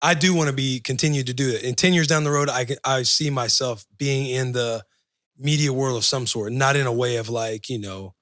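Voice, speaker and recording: A man's voice: mid-range voice, steady tone, brisk, a bit bright, no echo, clean studio sound. A man in his thirties, a guest on a podcast, talking in an easygoing, upbeat way in casual chat.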